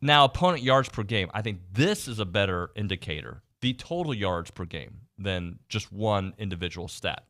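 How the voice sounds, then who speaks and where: Guy hosting sports radio, bright voice, super animated, reading stats off. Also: on the low side. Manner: animated, reads stats off quickly. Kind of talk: casual sports talk radio. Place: radio studio.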